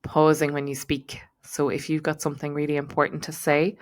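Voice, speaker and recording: Low-voiced woman coaching, reflective and unhurried. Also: little pitch movement. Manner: reflective, many fillers and repeated words. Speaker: podcast host and transition coach. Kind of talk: casual coaching talk.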